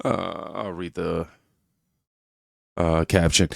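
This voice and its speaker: A very deep-voiced man hosts a reaction show, riding his pitch up and down as he punches his points home. His commentary is emphatic and preachy, and his voice sounds dry and close to the mic. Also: animated, measured pace, long pauses, dry recording. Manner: emphatic, preachy, addresses viewers as y'all. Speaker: reaction channel host. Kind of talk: commentary on clips.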